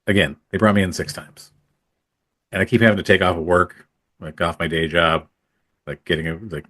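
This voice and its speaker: A man's voice: low voice, no echo, studio quality. A man who is a podcast guest, telling stories from his acting days in casual talk, rambling with many fillers and restarts. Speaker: podcast guest, photographer and former actor. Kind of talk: casual storytelling in conversation.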